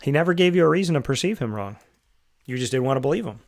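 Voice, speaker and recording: A man's voice: mid-range voice, animated, fast talker. A man hosting a show, giving a reflective motivational monologue full of rhetorical questions. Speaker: show host.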